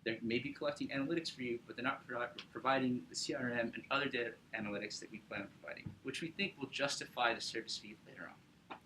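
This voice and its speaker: A young man casually pitching his startup to an audience, upbeat, with lots of fillers and tag questions. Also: steady tone, quick pace, sharp tone, slight background noise, low-quality recording. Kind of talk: business pitch presentation.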